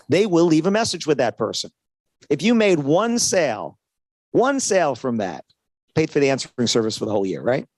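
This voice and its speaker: Fast and full of big pitch swings, a slightly high male voice delivers a motivational sales talk to a trade-show audience in a dry recording. He speaks conversationally, plays out mini dialogues, and keeps asking "right?"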